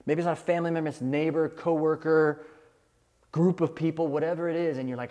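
A man's voice: fairly high pitch, fairly quick, warm tone, in a large hall. A man preaching a sermon as a pastor, building his points in rhythmic lists and acting out imagined prayers.

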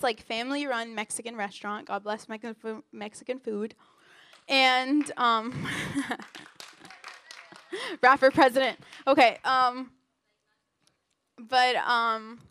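A woman's voice: on the high side, a bit bright, dry recording. A young woman giving a casual sermon at a church gathering, telling stories in a chatty, playful way with many fillers and jokes at her own expense. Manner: playful and self-joking. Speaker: youth speaker.

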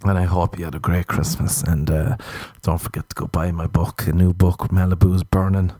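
Male comedian, low voice, dry close sound, loose self-mocking monologue. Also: flat delivery, moderate pace, dark tone, no echo. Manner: rambling, jokey, self-mocking asides. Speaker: comedian and author. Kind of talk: rambling solo monologue.

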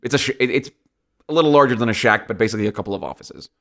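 Halting man narrating a tabletop game. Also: on the low side, expressive, gravelly, pushed and bright. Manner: halting, many restarts and fillers. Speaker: game master.

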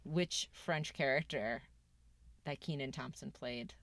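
A woman's voice: extremely low pitch, slow, fairly bright tone, dry recording. A woman co-hosting a podcast, talking casually with lots of fillers and asides. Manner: chatty, self-correcting, frequent "like" and "um". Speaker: podcast co-host. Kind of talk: casual chat.

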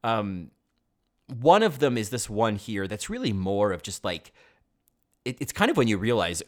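Animated, rambling man talking films. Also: lowish voice, normal speed. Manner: animated, rambling, tangents and self-interruptions. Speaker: podcast host. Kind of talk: casual film commentary.

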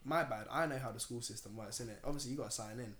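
A young man tells a long story among friends, dropping slang as he goes. His voice sits at a middle pitch. The recording has a roomy echo. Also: racing. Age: young adult. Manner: animated storytelling with London slang. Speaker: podcast host. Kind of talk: casual chat.

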